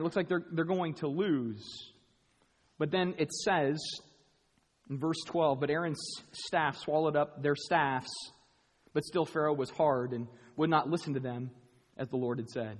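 A man preaching a sermon to a room of people, animated and playful, acting out quick voices and jokey asides. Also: on the high side. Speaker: pastor. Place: large room with an audience. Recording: long hall reverb.

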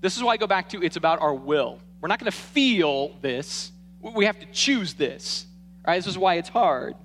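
An animated male pastor delivering a sermon with a notably high voice. He talks conversationally, checking in with "right?" and swinging from emphatic bursts to quiet asides, with a faint noise in the background. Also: normal speed. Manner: conversational, frequent "right?" tags.

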